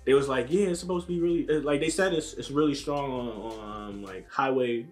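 A man's voice: medium pitch, brisk, soft background music. A young man casually telling a story to camera in a laid-back, slang-heavy way, acting out what people said to him. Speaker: vlogger.

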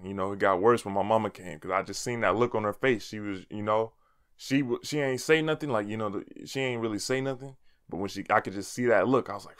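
A young man tells a story from his own life in casual vlog style, full of slang and swearing, chuckling at himself. His voice sits fairly low and comes through smooth and clear. The recording is dry and close, with no room sound. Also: fairly bright tone, no echo. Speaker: vlogger.

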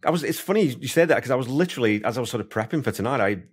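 A podcast host with a husky, mid-range voice talks very fast and with plenty of animation while interviewing a guest. He chats casually and rambles, thinking out loud and tossing in lots of "you know" asides.

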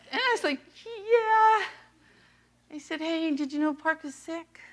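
A woman's voice: very high voice, a bit bright. An American woman, an associate pastor, preaching a sermon in a conversational, storytelling way and acting out the dialogue.

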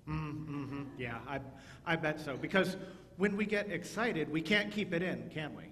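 A fairly high-voiced man leads a service as pastor, speaking to the children with lively, playful emphasis. His voice rings with a long reverb through the church, over faint room ambience. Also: normal speed, a little hiss or hum. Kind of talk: children's sermon and service leading. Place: church sanctuary.

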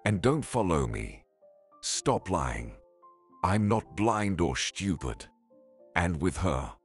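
A male storyteller reading the part of a determined young mother, sharp and insistent. His deep, husky voice swings up and down in pitch. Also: very animated, takes it slowly, faint music behind, exaggerated voice. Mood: accusing.

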